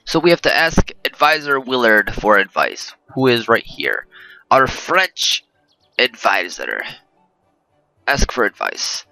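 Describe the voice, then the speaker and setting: A man's voice: medium pitch, very animated, unhurried, creaky, sharp tone, dry recording, faint music behind, low-quality recording. A man hosting a let's play, giving rambling, jokey gameplay commentary and often correcting himself.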